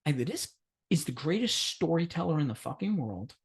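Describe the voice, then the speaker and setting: A man co-hosts a podcast and tells a long anecdote in casual chat. His voice swings widely in pitch as he acts out each person in the story. He swears freely and laughs as he goes. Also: very animated, a little fast, gravelly. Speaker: podcast co-host.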